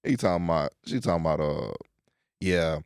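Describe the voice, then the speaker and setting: A young man hosting a casual podcast chat, telling a story in an animated way and acting out the people he quotes. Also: low-pitched, fairly quick, dry recording, studio quality. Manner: animated storyteller who acts out quoted voices. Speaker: podcast host.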